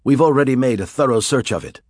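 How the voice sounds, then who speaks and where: A man's voice: medium pitch, big pitch swings, measured pace, darkish tone, no echo, studio quality, pitched above the performer's own voice. A man reading an audiobook, voicing a suave, threatening male villain who gives orders in a raised, clipped voice. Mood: menacing. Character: smooth menacing male villain, commanding.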